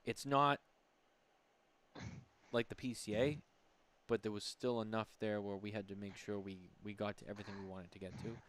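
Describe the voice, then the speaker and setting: A man's voice: lowish voice, fairly even intonation, normal speed, long pauses, a bit bright. A man co-hosting a podcast, chatting casually and often restarting his sentences. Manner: conversational, many restarts and fillers. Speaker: podcast co-host. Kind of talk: casual chat.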